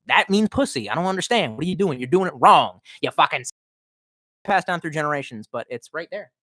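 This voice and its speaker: A male streamer talks off the cuff, cursing and wandering from one thought to the next while he answers chat. His pitch swings widely, and the sound is dry and close on a desk mic. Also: lively intonation, brisk, fairly bright tone, no room sound. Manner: profane, rambling, reacts to chat. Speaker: live streamer. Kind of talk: casual live-stream chat.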